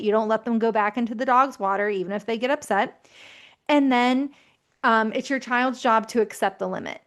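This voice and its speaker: A woman in her thirties giving calm, reassuring parenting advice in a gently explanatory way. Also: on the high side. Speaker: parenting educator.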